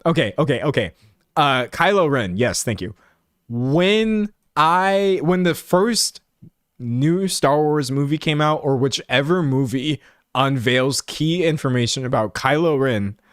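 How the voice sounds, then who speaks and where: A man's voice: on the high side, animated, a little slow, smooth, no room sound, studio quality. A young man chatting casually on a live stream, giggling and rambling as he talks to his chat.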